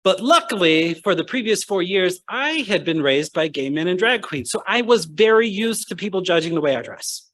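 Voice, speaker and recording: Animated young man telling a funny story. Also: high-pitched, moderate pace, hardly any pauses. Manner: animated, acts out voices in his anecdotes. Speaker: speaker at a medical school ceremony. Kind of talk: humorous storytelling speech.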